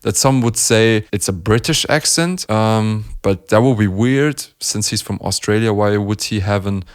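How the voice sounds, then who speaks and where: A man's voice: fairly low pitch, a little slow. Enthusiastic man. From Germany. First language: German. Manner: enthusiastic, laughs often, demonstrates sounds. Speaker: beatbox reaction host. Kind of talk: casual analysis commentary.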